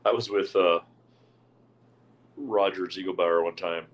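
A man's voice: low-pitched, fairly even intonation, a little slow, a little hiss or hum. A man co-hosting a podcast, telling a profane story and laughing through it. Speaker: podcast co-host. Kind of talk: casual chat.

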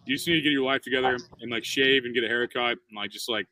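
A man in his thirties, a comedian co-hosting a podcast, bantering quickly with lots of profanity and restarts. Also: medium pitch, bright, forceful tone. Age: 30s. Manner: rapid, profane, joking banter with many restarts. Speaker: comedian co-host. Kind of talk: casual podcast chat.

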